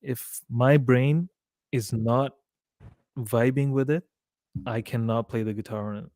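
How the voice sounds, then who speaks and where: A man chatting as a podcast guest, telling a story with animated quoted dialogue and frequent swearing. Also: medium pitch, unhurried, no room sound, clean studio sound. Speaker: guest musician. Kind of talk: casual podcast chat.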